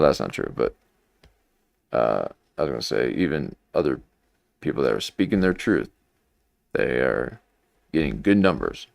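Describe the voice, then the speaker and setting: A man hosting a live stream, commenting on clips and thinking aloud in a halting, questioning way. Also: very deep voice, creaky, dry recording. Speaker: livestream host.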